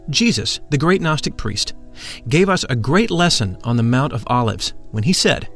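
A man's voice: medium pitch, very animated, normal speed, a bit bright. Reverent male narrator over faint music. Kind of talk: solemn scripted narration of a mystical text.

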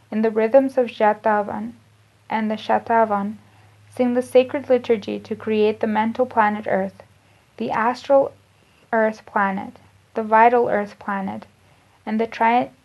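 Measured woman reading esoteric teachings. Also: on the high side. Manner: measured, deliberate, restarts and repeats phrases. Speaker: spiritual lecturer. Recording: dull lo-fi recording.

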